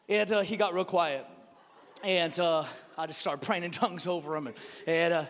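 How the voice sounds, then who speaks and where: A male pastor, animatedly telling a personal story as he leads into his sermon in a church. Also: high-pitched. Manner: animated storyteller, quick asides. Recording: long reverb of a large hall.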